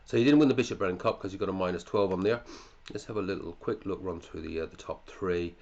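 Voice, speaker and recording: Male podcast host, deep and gravelly, chatty with muttered asides. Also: fast talker, a little mellow, muffled recording. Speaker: fantasy football podcast host. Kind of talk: casual chat reviewing listeners' teams.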